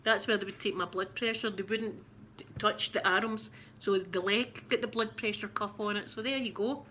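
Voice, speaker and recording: A middle-aged Scottish woman chats to her live viewers in a rambling, giggly way, often restarting her sentences. Her voice is bright and forward, with a faint hum of background noise under it. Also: medium pitch, fairly even intonation, normal speed. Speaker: ASMR livestream host. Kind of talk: casual live chat with viewers.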